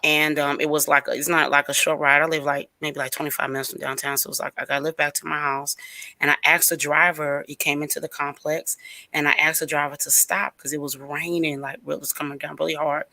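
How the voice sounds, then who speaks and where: A woman on a radio talk show, telling a long story in casual chat, rambling and animated with plenty of fillers. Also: low-pitched, fairly quick, dry recording.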